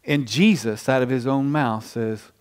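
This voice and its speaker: A male pastor preaching a sermon in a conversational, animated storytelling way, often restarting his phrases. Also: medium pitch, measured pace.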